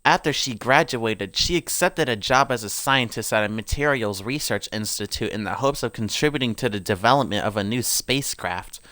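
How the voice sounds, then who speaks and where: A man's voice: on the low side, bright, forceful tone, no room sound, clean studio sound. A man reading game character profiles aloud. He often stumbles and corrects himself, and breaks off into joking asides. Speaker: game video creator.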